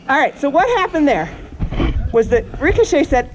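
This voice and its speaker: A woman's voice: high voice, animated, brisk. Woman horse trainer teaching outdoors. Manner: coaxing the horse between explanations. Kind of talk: live teaching demonstration. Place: outdoor horse pen at a camp. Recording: noisy outdoor recording.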